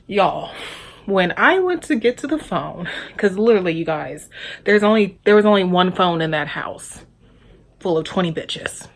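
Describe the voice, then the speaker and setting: A woman's voice: fairly low pitch, lively intonation, moderate pace. A young woman telling a storytime vlog, candid and profane, talking straight to her viewers. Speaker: vlogger.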